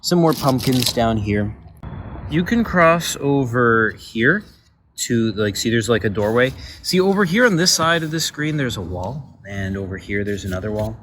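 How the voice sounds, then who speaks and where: A man's voice: mid-range voice, expressive, moderate pace, fairly bright tone, a little hiss or hum. A man casually walking through his paper game, rambling and filling his talk with "like" and "um". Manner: rambling, full of "like" and "um". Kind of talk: casual walkthrough. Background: background music.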